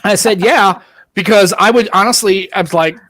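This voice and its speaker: A man hosting a podcast in casual chat, telling stories in an animated, profane way. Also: high voice, moderate pace, no echo, studio quality. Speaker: podcast host.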